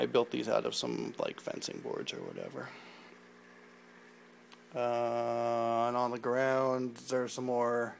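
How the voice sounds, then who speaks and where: Casual male home gardener, mid pitch with a gravelly edge; unpolished, self-mocking walkthrough recorded on a phone. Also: a little hiss or hum. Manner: rambling, self-deprecating, many fillers and restarts. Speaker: home gardener giving a tour. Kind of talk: casual unscripted garden tour. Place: indoor garage garden. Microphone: phone camera held while walking.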